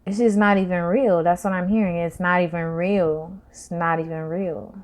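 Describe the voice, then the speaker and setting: A woman's voice: lowish voice, fairly even intonation, moderate pace. Slangy woman giving a tarot reading. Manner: slangy, rambling, swings loud and soft. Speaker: tarot reader. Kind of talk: casual spiritual reading to camera.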